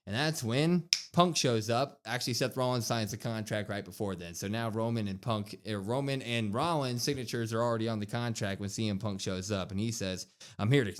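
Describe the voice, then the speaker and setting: A man's voice: mid-range voice, a little fast, hardly any pauses. A man co-hosting a wrestling podcast, recapping an episode in casual chat and acting out the quotes with a raised voice. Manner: animated, acts out quotes with raised voice. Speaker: podcast co-host.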